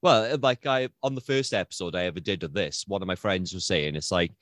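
A man complaining in an animated, sarcastic way during a casual podcast chat. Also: deep voice, brisk, no room sound, studio quality. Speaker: podcast co-host.

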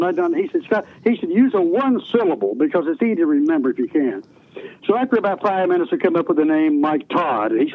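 A man's voice: fairly high pitch, animated, brisk. Older man on a tinny phone line. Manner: folksy, rambling, many restarts. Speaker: retired radio DJ guest. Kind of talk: storytelling interview.

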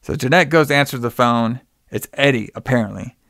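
A man's voice: mid-range voice, moderate pace, gravelly, a bit bright, dry recording, clean studio sound. A young man casually recapping a film's plot, rambling with lots of "like" and "you know.". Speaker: podcast co-host recapping a film. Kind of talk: casual chat.

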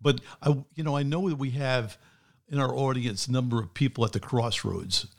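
A male pastor talks in an even, mid-range voice. He is earnest and measured, and sometimes reads aloud from prepared notes in a sincere tone. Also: medium pitch, gravelly. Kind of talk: casual chat.

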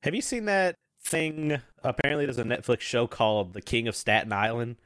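Male co-host, bright forceful tone, dry close mic, quick joking banter. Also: medium pitch, no room sound. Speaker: podcast co-host. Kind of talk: casual chat.

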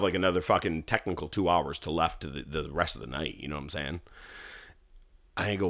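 Animated, foul-mouthed man telling a story. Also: extremely low pitch, brisk. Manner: animated, profane, acts out quotes. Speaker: guest musician telling a story. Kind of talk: casual storytelling chat.

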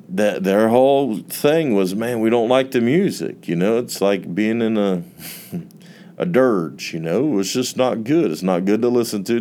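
A man's voice: fairly low pitch, darkish tone. A man, a pastor giving an earnest, emotional testimony in a sermon. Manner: earnest, emotional storytelling with drawn-out emphasis.

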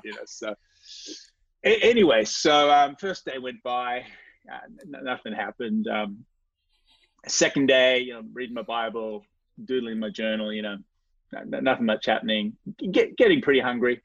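A man's voice: medium pitch, moderate pace, creaky, no room sound. A man as an interview guest telling a personal faith story, earnest and reflective, often restarting and repeating his words. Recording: dry, slightly dull recording.

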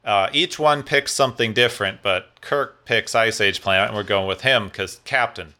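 A man co-hosting a casual recap chat with a wry, sarcastic edge. His tone is bright and forward. He summarizes the plot plainly and mocks it as he goes. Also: fairly low pitch, moderate pace. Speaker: podcast co-host.

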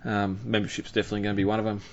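Aussie bloke hosting a podcast, lowish voice, rambles with ums, dull lo-fi call sound. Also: male voice, monotone, very fast. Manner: rambling, lots of fillers and restarts. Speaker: podcast host. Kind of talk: casual chat.

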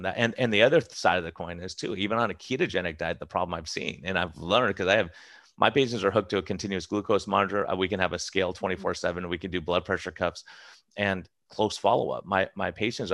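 Middle-aged male doctor, fast and emphatic, gravelly low voice, dry close sound. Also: a bit bright, no room sound. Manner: fast, emphatic, many restarts and acted-out quotes. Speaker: preventive medicine doctor. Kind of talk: casual interview talk.

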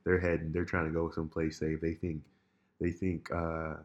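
A man in casual chat, telling a story in an animated, rambling way with many restarts. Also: extremely low pitch, moderate pace, lo-fi sound, slight background noise.

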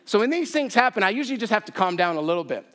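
A man preaching a sermon, telling a story with self-deprecating humor and an animated, chatty delivery. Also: high voice, very fast. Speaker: pastor. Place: church sanctuary.

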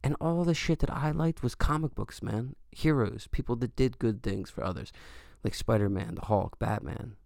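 A man's voice: mid-range voice, normal speed, creaky, few pauses, darkish tone, no room sound, clean studio sound. A man hosting a solo podcast, talking in a rambling, earnest and joking way with lots of fillers. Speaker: podcast host. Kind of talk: casual solo podcast monologue.

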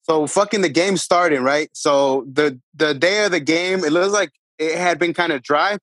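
Podcast co-host, animated storyteller, swears a lot, fairly high voice, close dry mic. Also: male voice, moderate pace, no room sound. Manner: profane, animated, acts out voices of others. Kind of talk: casual storytelling among friends.

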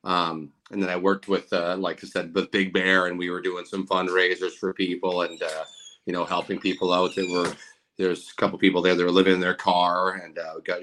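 Guy rambling earnestly in an interview, kinda low but bright sharp tone. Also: a little hiss or hum. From Canada. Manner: earnest, rambling, with many restarts. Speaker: guest. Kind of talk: casual interview chat.

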